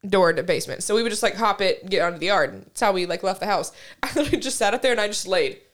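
A woman's voice: mid-range voice, lively intonation, fast. A young woman co-hosting a casual podcast chat, telling stories, swearing freely and laughing often. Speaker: podcast co-host. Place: lived in a place with basements, now in Texas.

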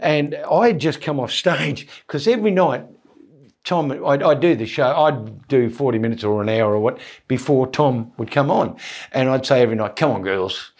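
An older man with an Australian accent telling jokey anecdotes in an interview, animated, with stammered restarts and quick voice impressions. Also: mid-range voice, slightly rough. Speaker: comedian, guest.

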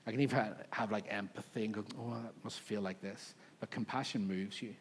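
Male pastor, earnest and chatty at the pulpit, lower register, faint room ambience behind. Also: steady tone, brisk, slight background noise. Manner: conversational and earnest, with asides to the room. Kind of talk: sermon. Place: church service in a room.

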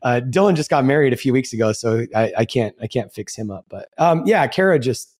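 A man's voice: medium pitch, expressive, brisk, a little mellow. A man co-hosting a podcast, talking in a loose, rambling way with casual swearing. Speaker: podcast co-host.

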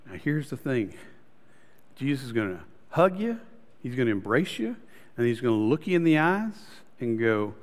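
A male pastor preaching a story-driven sermon, calling the congregation "guys" and dropping to soft, intimate tones. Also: mid-range voice, sing-song, normal speed, in a large hall.

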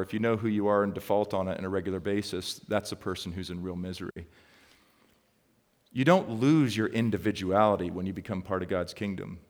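A pastor preaching a sermon in a conversational, storytelling way, getting loud and animated as he acts out a story. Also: lowish voice, big-room sound. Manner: conversational storytelling, grows loud and excited when reenacting.

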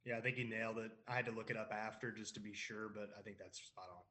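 A calm man co-hosts a casual podcast and chimes in agreeably. His voice is fairly low and relaxed. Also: fast. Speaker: podcast co-host.

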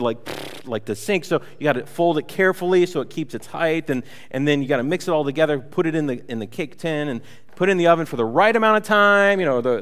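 A man's voice: on the high side, a bit bright, big-room sound. A man preaching a sermon as pastor, conversational and joking, with many fillers and restarts. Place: church hall.

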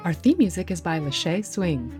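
A woman host reads a scripted outro with a lively, rising and falling delivery. Her voice sits somewhat low for a woman. Clear plucked guitar music plays behind her. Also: moderate pace. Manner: lively, read announcement. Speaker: podcast host.

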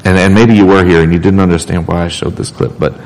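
A man's voice: low-pitched, fairly even intonation, fast talker, darkish tone, poor audio. A man preaching a sermon in a casual, conversational way. He often restarts and repeats words as he talks. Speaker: pastor.

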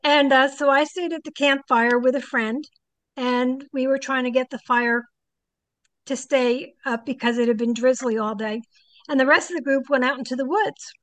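A woman's voice: sits high, fairly even intonation, normal speed, fairly bright tone, dry recording. An older woman, a psychic guest, telling stories in a casual interview and animatedly acting out the people she quotes.

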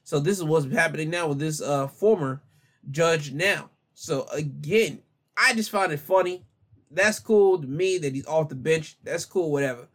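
A man reading out a news story and then commenting on it in a slangy, animated way. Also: a little high, moderate pace. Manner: animated, exclaiming and laughing at the story; slangy, informal talk.

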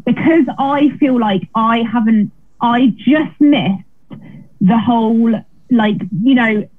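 Heard over a thin remote call, this British comedian chats casually as an interviewee. Her voice is on the high side and slow, and she's self-deprecating with frequent restarts.

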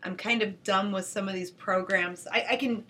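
A woman's voice: medium pitch, fairly even intonation, normal speed, fairly bright tone. A woman co-hosting a podcast in casual chat, chatty and upbeat. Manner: chatty, upbeat, laughs easily. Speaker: podcast co-host.

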